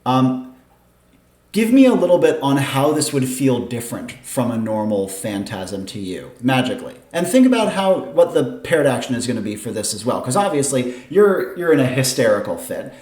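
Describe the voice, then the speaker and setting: Man game master for a tabletop game, animated delivery, echoey room. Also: medium pitch, normal speed. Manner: enthusiastic, lively. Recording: roomy echo.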